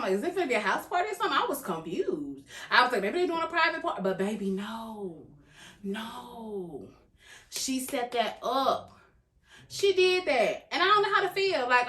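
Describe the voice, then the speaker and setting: Young adult woman, high voice, very animated, casual recap, echoey room. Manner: animated storytelling, acts out characters' lines, calls viewers "baby". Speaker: reaction video host. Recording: echoey room, faint background noise.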